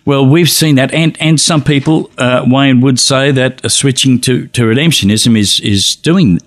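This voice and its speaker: A man's voice: mid-range voice, moderate pace, no echo, clean studio sound. A man hosting a casual chat, a chatty storyteller who laughs easily. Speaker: host.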